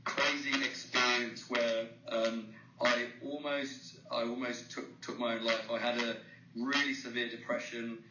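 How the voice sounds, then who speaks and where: A man's voice: medium pitch, flat delivery, pushed and bright. A man from England with an English accent, a guest on a radio interview, speaking earnestly and openly. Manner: earnest, friendly, talks fast. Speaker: guest, psychologist and author. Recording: distant, echoey, muffled, noisy call.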